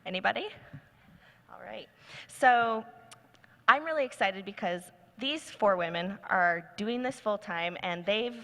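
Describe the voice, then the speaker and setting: Woman panel moderator, welcoming and upbeat, mid-pitched voice, long hall reverb. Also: unhurried, a bit bright. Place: large conference hall.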